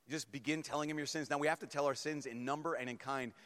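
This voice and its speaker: A male priest giving a humorous, lively sermon to a young crowd and acting out little stories as he goes. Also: fairly high pitch, quick pace. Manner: humorous, animated, acts out stories. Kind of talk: sermon to a youth gathering. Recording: long reverb in a large hall.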